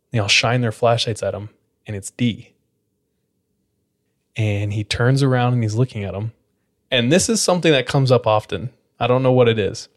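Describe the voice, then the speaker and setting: A man hosting a podcast, casually retelling a spooky story, leaning on "like" as he talks. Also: medium pitch. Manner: casual, filler-heavy retelling with frequent "like". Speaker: podcast host.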